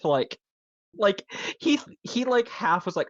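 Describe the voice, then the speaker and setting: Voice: mid-range voice, expressive, moderate pace, no room sound. A podcast co-host in a casual film discussion, talking with enthusiasm and rambling with many fillers. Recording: dull lo-fi dry recording.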